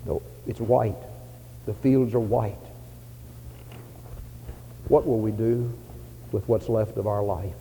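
A man preaching a sermon in a church, in an old-fashioned revival cadence, rising to loud fervent cries and dropping to soft pleas. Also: on the low side, fairly even intonation, slow, pauses often, in a large hall, slight background noise, rough recording. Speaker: pastor. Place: church sanctuary.

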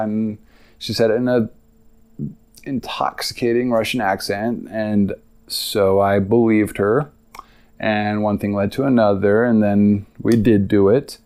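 A man's voice: fairly low pitch, fairly even intonation, unhurried, a little mellow, clear, resonant tone. A man hosting a podcast, telling a long personal story in a rambling, confessional way with many fillers. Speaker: podcast host. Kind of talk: casual storytelling monologue.

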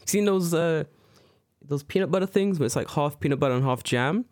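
A young man from the UK, co-hosting a casual podcast chat, telling stories in an animated, slangy way and acting out the people he quotes. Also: fairly quick, dry recording, clean studio sound. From United Kingdom. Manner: animated storytelling, acts out quoted people with big pitch jumps; swears freely, slangy. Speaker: podcast co-host.

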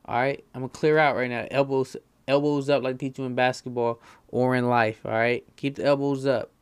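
A man's voice: mid-range voice, level tone, a little fast, smooth, no echo. A man hosting a comic monologue, rambling in slangy, profane talk.

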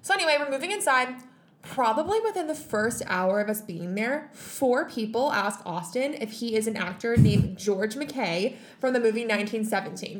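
A young woman co-hosting a casual podcast chat, telling stories with sarcasm and frequent swearing. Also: a little high. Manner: sarcastic, profane storytelling. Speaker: co-host, entertainment reporter.

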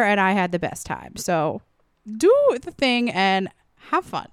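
A woman's voice: medium pitch, very animated, slow pace, smooth, no echo, studio quality. A woman co-hosting a comedy podcast, playful and self-deprecating, swearing casually. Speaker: podcast co-host. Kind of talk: casual chat.

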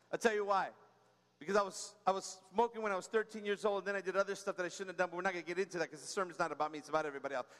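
High-voiced preacher man in a reverberant hall. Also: fairly even intonation, racing, long pauses, fairly bright tone. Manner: conversational preaching, frequent "come on" and "right?"; tells personal stories with humor. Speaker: pastor. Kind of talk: sermon.

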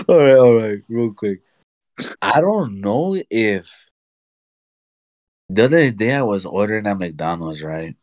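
A man's voice: low voice, no room sound. A man co-hosting a casual chat show, telling stories and acting out conversations with frequent laughs. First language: Spanish. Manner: animated storyteller, acts out dialogue, laughs often. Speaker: podcast co-host.

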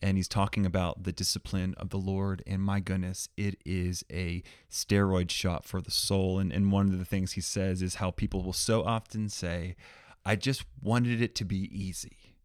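A man's voice: sits low, flat delivery, moderate pace, few pauses, smooth, no room sound, clean studio sound. A man co-hosting a casual chat with his wife, earnest and enthusiastic, often stumbling over words. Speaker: co-host, husband.

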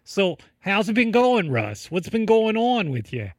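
A man's voice: high voice, big pitch swings, a little slow, dry recording, studio quality. A man playing a bossy Australian podcast host in an improvised comedy sketch, scolding his co-host, with a put-on Australian accent. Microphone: close studio mic.

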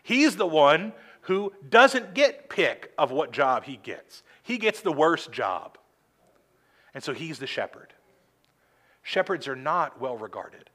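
Male pastor, sermon at the pulpit, slightly higher voice, earnest with dry humor and deliberate emphasis. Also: sing-song, pushed and bright. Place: church sanctuary at a pulpit.

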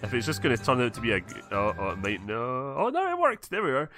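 A man's voice: on the low side, sing-song, fast, few pauses, sharp tone, no echo, faint music behind. A young Scottish man hosting a casual podcast, rambling, swearing and correcting himself as he goes. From Scotland. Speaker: podcast host. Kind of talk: casual chat.

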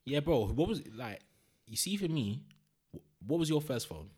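A man's voice: medium pitch, moderate pace, breathy edge. A man, co-hosting a podcast in casual chat and telling stories with lots of slang. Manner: animated, slangy storytelling. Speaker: podcast co-host.

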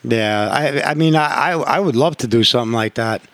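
A podcast host in his forties talks in loose, halting chat. He repeats himself and swears freely. His voice sits at a middle pitch in a dry, close sound. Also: fairly bright tone, dry recording. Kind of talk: casual chat.

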